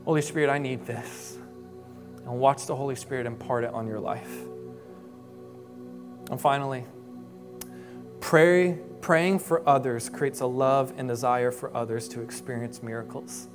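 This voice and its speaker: A young adult man, a pastor, preaching a sermon with storytelling, moving from hushed, quiet passages to emphatic rises. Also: medium pitch, steady tone, unhurried, pauses often, music in the background. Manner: storytelling, voicing quoted people, swings from hushed to emphatic.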